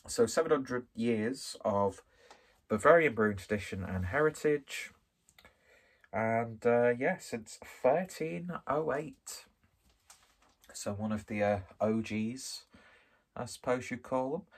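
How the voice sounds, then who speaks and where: A Skelmersdale man from northwest England talks his way through an offhand beer review, wandering, jokey and self-deprecating. He speaks at a medium pitch, animated but slow, pausing often.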